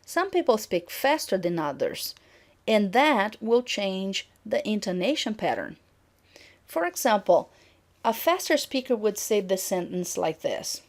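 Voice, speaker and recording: A middle-aged woman giving a recorded lecture on intonation, speaking clearly and acting out example sentences. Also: medium pitch, very animated, unhurried.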